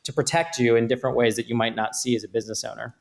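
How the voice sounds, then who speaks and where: A man, an attorney guest on a podcast, explaining contracts and liability with measured, example-driven talk. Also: medium pitch, level tone, creaky, a little hiss or hum. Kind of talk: podcast interview.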